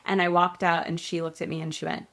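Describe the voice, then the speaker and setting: A woman's voice: lowish voice, fast talker. A woman in her thirties, a guest actress, telling a story casually in an interview and acting out the voices of the people in it. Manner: animated storyteller, acts out quoted voices.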